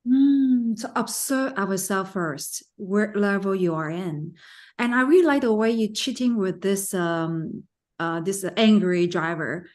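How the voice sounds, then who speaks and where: A woman hosts an interview in English, her first language being Chinese. She talks softly at a mid pitch and often murmurs along while her guest speaks. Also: measured pace. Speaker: host.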